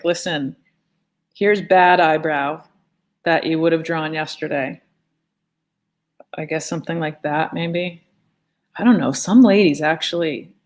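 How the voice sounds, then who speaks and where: A woman teaching a live online drawing lesson in a chatty, playful way, talking as she draws. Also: fairly low pitch. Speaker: art teacher. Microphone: phone.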